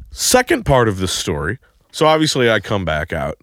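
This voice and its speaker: Crude, animated man telling a story. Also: on the high side, fast talker, no echo, clean studio sound. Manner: crude, animated, shouts quoted lines. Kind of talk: comedic storytelling.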